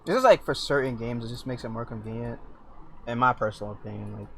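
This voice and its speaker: A man's voice: medium pitch, fast, a bit bright. A young man streaming casually while sculpting, teasing his chat with lots of fillers and jokes. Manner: joking, teasing, chatty with many fillers. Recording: faint background noise.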